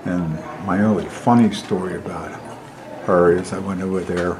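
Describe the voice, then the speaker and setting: A man, a family friend, slowly telling an amused anecdote at a memorial dinner. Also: low voice, steady tone. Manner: slow, unhurried, amused. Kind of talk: casual storytelling at a memorial dinner. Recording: noisy room.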